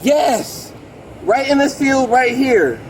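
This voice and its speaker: On low-quality body-camera audio with a little hiss or hum, a man in his late thirties speaks slowly in a very high voice. Outdoors near a road, he gives a police officer an excitable, rambling account, repeatedly calling him "bro."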